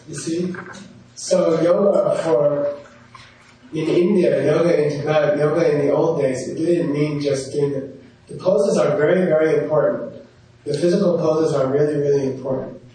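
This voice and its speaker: A man's voice: on the high side, warm tone, a little hiss or hum. A man teaching a class, telling a story in a chatty way full of "you know" asides. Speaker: yoga teacher. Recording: echoey room heard from a distance.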